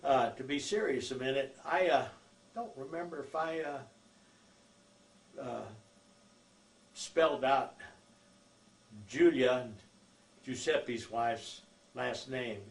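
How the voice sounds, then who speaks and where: A man's voice: mid-range voice, slow pace, pauses often. An older man telling family stories from his life in a rambling, folksy way, full of fillers. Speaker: oral history narrator. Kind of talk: recorded life-story reminiscence. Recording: echoey room with faint noise.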